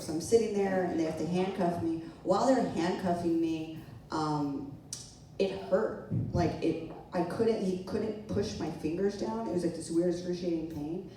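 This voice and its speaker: A woman's voice: fairly low pitch, mellow, a little hiss or hum. Woman telling a story in an echoey room. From not from New York. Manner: casual, laughs through her own story. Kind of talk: live storytelling to an audience. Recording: roomy echo, mic from a distance.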